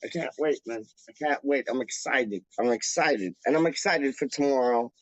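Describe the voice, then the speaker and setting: With a mid-range voice at normal speed, a Canadian man talks to his fan channel's viewers, a time zone away from England. He rambles in slang and repeats himself, and the dull lo-fi audio is dry without echo.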